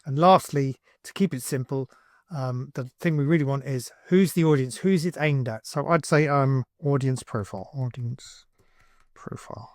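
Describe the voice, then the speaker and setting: A man hosting a software tutorial, talking casually and thinking aloud with fillers as he builds something on screen. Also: medium pitch, moderate pace, dry recording, studio quality. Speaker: tutorial host, agency owner.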